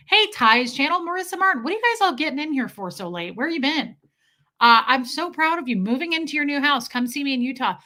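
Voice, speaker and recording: Bright, chatty woman streamer. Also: high voice, fast. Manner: animated, chatty storyteller. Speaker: livestream host. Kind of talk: casual chat with viewers.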